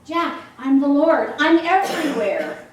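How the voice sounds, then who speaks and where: A woman voicing God as a calm, patient presence, gently amused. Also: high-pitched, a little slow, noisy background. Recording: echoey hall from far off.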